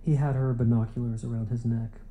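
Male audiobook reader, deep mellow tone, steady unhurried pace. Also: lo-fi sound. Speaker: audiobook narrator. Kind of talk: literary audiobook narration.

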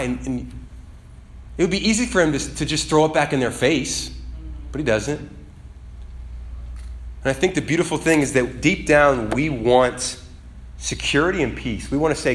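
A man's voice: lively intonation, normal speed. Conversational man preaching with rising fervor. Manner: conversational, dynamic, rising to emphatic high peaks. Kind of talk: sermon.

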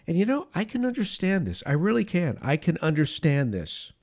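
A middle-aged male pastor delivering a sermon with fervent conviction. His voice rises and falls sharply in volume, and he lets dramatic pauses hang between phrases. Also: a little high, wildly swooping pitch. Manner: impassioned preaching with dramatic pauses and swings in loudness.

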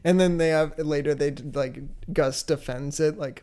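A podcast co-host recapping a TV episode in loose, casual chat. The talk is peppered with swearing and "like", at a middle pitch. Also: normal speed, hardly any pauses, dark tone. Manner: casual, swears freely, many "like" fillers.

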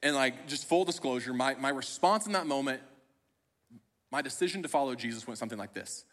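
Bright-voiced man preaching in a reverberant hall. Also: mid-range voice, lively intonation, fairly quick. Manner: conversational, self-deprecating humor. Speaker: pastor. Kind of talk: sermon with personal story. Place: church auditorium.

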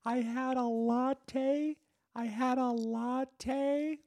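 A man voicing a despairing, regretful version of his future self in a whiny, squeaky outburst. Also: fairly even intonation, extremely slow, a little mellow, heavily acted. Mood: whining despair.

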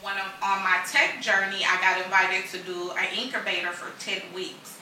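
A woman chatting casually, telling an animated story full of acted-out quotes and slang. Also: mid-range voice, normal speed, slight background noise. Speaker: guest telling a friendship story. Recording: echoey room, far from the mic.

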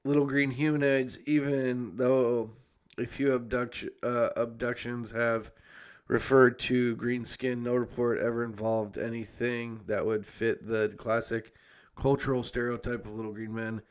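A young man hosting a podcast in loose, casual chat. He rambles and swears freely, stopping to correct himself as he goes. His voice sits at an ordinary middle pitch. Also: level tone, a little slow, clear, resonant tone. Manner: rambling and heavily profane, with frequent fillers and self-corrections. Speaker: podcast host.

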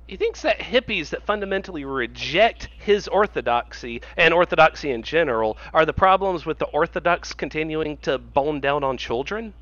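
A man co-hosting a casual podcast chat, sarcastic and jokey, riffing with animated tangents. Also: fairly high pitch, normal speed, hardly any pauses, no room sound. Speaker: podcast co-host. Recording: dull lo-fi sound.

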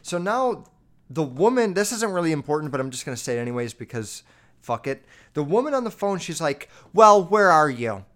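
A man's voice: on the high side, fairly quick. A man telling a story in casual monologue, swearing freely and filling his talk with "like" as he speaks straight to his listeners. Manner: profane, rambling, filler-heavy with constant "like"; animated, addresses listeners directly.

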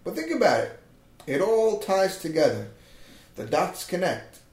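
A man's voice: high-pitched, very animated, unhurried, darkish tone. A man joking in sarcastic, mock-conspiratorial banter, often swearing as he co-hosts a comedy podcast. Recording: roomy echo.

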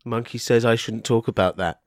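A man putting on a low, gruff voice for a grumpy monkey that speaks through him in a comedy podcast bit. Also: fairly even intonation, brisk, a little hiss or hum, lightly acted.

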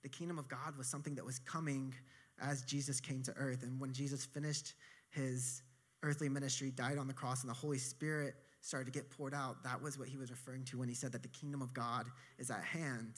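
A man preaching a sermon in a relaxed, conversational way, with casual asides and quick self-corrections. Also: mid-range voice. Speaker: pastor.

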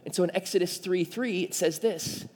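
High-voiced animated male pastor. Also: fairly quick. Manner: animated, acts out quoted voices. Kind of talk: sermon.

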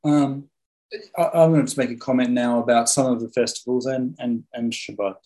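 A man's voice: medium pitch, steady tone, moderate pace, mellow, poor audio. A man hosting a casual discussion, rambling and repeating words as he tells stories and teaches. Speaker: host.

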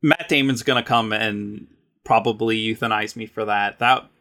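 A man's voice: fairly low pitch, steady tone, moderate pace, sharp tone. A man co-hosting a podcast in casual chat, rambling with many fillers and restarts and cracking playful jokes. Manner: laughs often, with playful jokey asides. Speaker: podcast co-host.

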